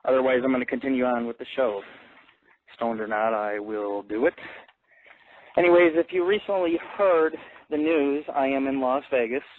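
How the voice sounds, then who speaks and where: A man's voice: mid-range voice, normal speed. Crude, rambling man on tinny lo-fi audio. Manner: loose, crude storytelling with many fillers. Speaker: internet radio host. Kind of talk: rambling profane monologue. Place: Las Vegas.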